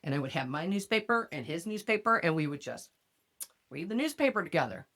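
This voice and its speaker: A woman's voice: fairly low pitch, brisk. A woman hosting a podcast in a casual chat, telling stories bluntly and with plenty of cursing. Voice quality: profane, blunt. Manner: animated storyteller who acts out other people's lines. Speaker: podcast host.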